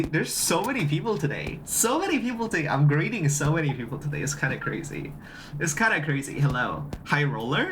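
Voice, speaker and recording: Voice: mid-range voice, a bit bright, a little hiss or hum. A streamer chatting casually on a livestream, greeting chat and repeating phrases with lots of restarts.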